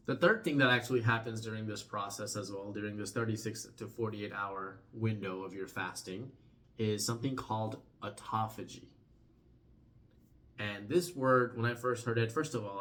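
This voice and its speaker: A young man explaining a topic in a casual vlog, conversational, often trailing off softly at the end of phrases and restarting words. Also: on the low side. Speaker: vlogger.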